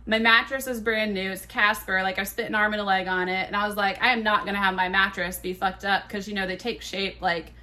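A woman in her thirties, a podcast host, telling a candid, profane story in a casual, animated way. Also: mid-range voice, fairly quick, hardly any pauses.

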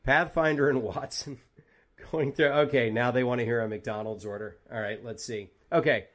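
A man's voice: mid-range voice, fairly even intonation, moderate pace, fairly bright tone. A man hosting a casual interview, chatty and joking as he reads out viewer questions. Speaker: podcast host.

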